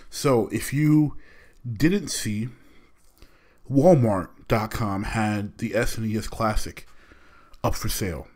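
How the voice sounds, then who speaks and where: A man's voice: on the low side, slow, pauses often, a little mellow. A young adult man hosting a podcast, talking casually and animatedly with slang while venting his frustration. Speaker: podcast host.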